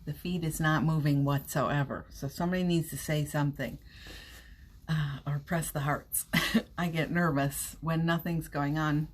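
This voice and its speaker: A woman's voice: sits low, fairly even intonation, normal speed. A woman hosting a casual live stream, chatty, laughing often and reassuring her viewers, with a runny nose. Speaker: livestream host.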